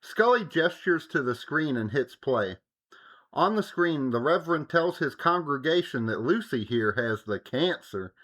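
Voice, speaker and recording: A man's voice: fairly high pitch, animated, measured pace, fairly bright tone. A young adult man co-hosting a podcast, recapping an episode with joking asides. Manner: joking, summarizes plot with playful asides. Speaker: podcast co-host. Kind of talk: casual chat and episode recap.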